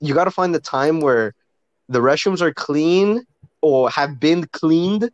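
A man's voice: fairly high pitch, no echo, muffled recording. A young man chatting casually and profanely, stopping and restarting his sentences. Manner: halting, profane, restarts a lot. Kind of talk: casual chat.

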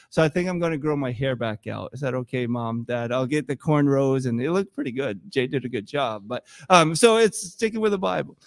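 A young man preaching a sermon in an animated, conversational way with joking asides. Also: medium pitch, moderate pace. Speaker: pastor.

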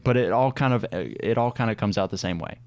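A man's voice: on the low side, fairly quick, a little mellow. Enthusiastic young man reviewing movies. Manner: enthusiastic, lots of "like" fillers. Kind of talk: casual movie review chat.

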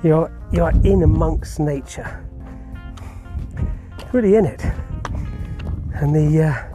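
Slow, mellow man out of breath outdoors. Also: a little high, soft background music. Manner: rambling, halting, many fillers and restarts. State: a little out of breath. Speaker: podcast host. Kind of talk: casual walking vlog. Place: outdoors on a hillside hiking path.

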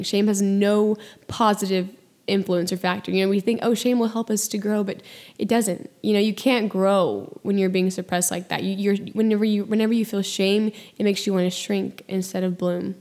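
In a reflective solo monologue about faith, a woman hosting her own podcast speaks earnestly and gently. Her pitch is mid-range for a woman, and "like" and "you know" come up often.

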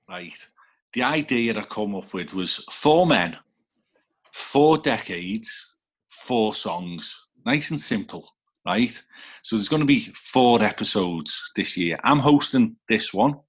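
Speaking a little slowly in a medium-pitched, animated voice that is a bit bright and breathy, this Liverpool-accented man runs a laid-back podcast episode by video call. He ribs his friends and curses at them as host.

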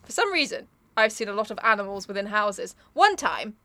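A woman's voice: medium pitch, big pitch swings, brisk, pushed and bright. A woman co-hosting a casual chat, reading a poem aloud with mock-dramatic asides, swearing and laughing often. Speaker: podcast co-host.

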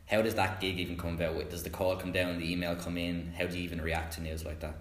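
A man's voice: low-pitched, level tone, quick pace, echoey room. A man hosting a casual podcast chat, joking and asking questions. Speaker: podcast host.

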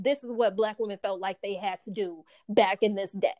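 An actress telling a personal story in casual chat, animated and full of restarts, acting out the voices she quotes. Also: medium pitch, a little fast, few pauses, no echo. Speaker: actress guest.

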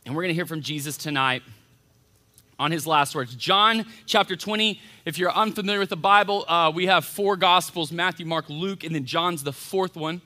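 Bright-voiced pastor preaching casually. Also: male voice, on the high side, normal speed. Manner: informal, animated, acts out voices in retelling. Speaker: college pastor. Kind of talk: casual sermon. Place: church hall.

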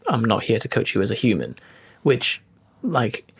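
Casting note: man, husky with some vocal fry, calm measured explainer on a podcast. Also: mid-range voice. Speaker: podcast co-host, fitness business coach. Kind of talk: casual chat.

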